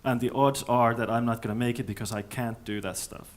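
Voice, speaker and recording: Halting male conference speaker. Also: medium pitch, steady tone. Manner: thoughtful, halting, with many restarts. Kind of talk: answering audience questions. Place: conference hall.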